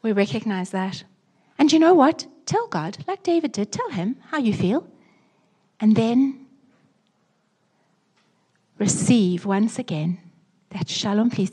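A woman pastor preaching a sermon and leading prayer, expressive and emphatic, at times dropping to a soft hush. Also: a little high, slow pace, pauses often, breathy edge. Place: church.

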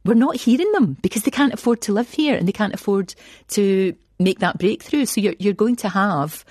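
A woman in her sixties with a Glasgow accent, talking as an interview guest in an animated, chatty, self-deprecating way. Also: mid-range voice, normal speed, no echo, studio quality. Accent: Scottish, Glasgow. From Scotland. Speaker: guest, TV presenter. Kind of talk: radio interview chat.

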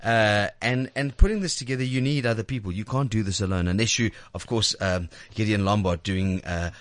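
Playful radio host, dry studio sound. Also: male voice, fairly low pitch, fairly quick, no room sound. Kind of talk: casual radio chat.

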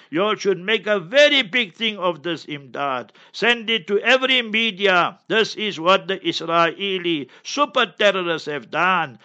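Male, South African accent, fiery commentator, bright tone, muffled recording. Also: high voice. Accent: South African English. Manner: forceful, indignant, mocking quoted voices. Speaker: religious speaker giving commentary. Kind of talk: impassioned commentary on current events.

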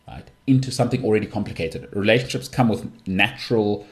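A man's voice: lowish voice, fast. A young man hosting a solo podcast, talking in a chatty, jokey way and jumping between asides. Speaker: podcast host.

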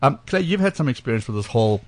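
A man's voice: mid-range voice, big pitch swings, fast, no room sound. A man hosting a tech radio talk show in a studio, talking casually with plenty of fillers and restarts. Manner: chatty, loose, frequent fillers and restarts. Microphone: studio microphone.

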